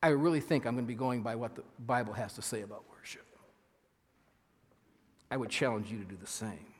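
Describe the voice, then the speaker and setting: A man preaching a sermon as pastor, earnest and halting, with frequent restarts, reading scripture slowly with emphasis. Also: medium pitch, breathy edge. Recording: long hall reverb.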